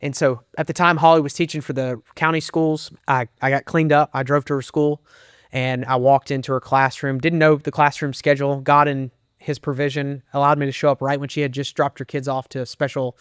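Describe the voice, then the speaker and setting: A man's voice: medium pitch, flat delivery, a bit bright, clear, resonant tone, no echo, studio quality. A middle-aged man, an associate pastor, earnestly telling a candid personal testimony in an interview. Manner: earnest, candid storytelling with emotional pauses. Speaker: associate pastor and men's minister.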